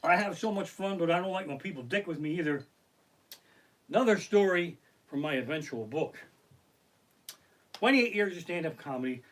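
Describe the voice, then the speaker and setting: A man's voice: a little high, normal speed, long pauses. A middle-aged man doing profane stand-up storytelling on a live stream from his living room, acting out the other people in his stories. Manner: profane, animated, acts out other people's lines. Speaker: stand-up comedian. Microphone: basic home streaming mic.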